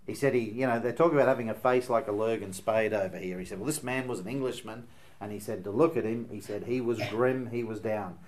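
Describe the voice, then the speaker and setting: A man's voice: on the low side, quick pace, a little mellow. A man with a Northern Irish accent preaching a sermon in an earnest, emphatic way, weaving in stories as he goes.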